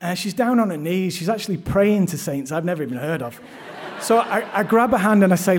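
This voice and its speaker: A man's voice: high-pitched, lively intonation, fairly quick. Man, middle-aged, self-deprecating, live storytelling, theatre stage. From London, England. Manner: self-deprecating, wry, frequent restarts. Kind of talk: live first-person storytelling.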